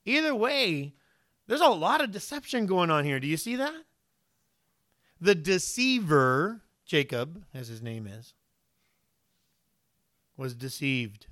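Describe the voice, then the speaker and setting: A man preaching a sermon in an animated way, often putting questions to his listeners and briefly voicing the people in the story. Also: fairly high pitch, slow, pauses often, dry recording, clean studio sound. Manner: animated, asks the listeners questions, voices the figures.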